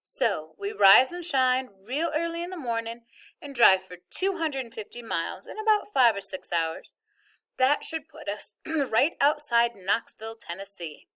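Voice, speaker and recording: A woman reading a novel aloud, voicing an organized mother who lays out plans in a steady, matter-of-fact way. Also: a little high, unhurried, heavily acted. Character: organized, practical mother explaining trip plans.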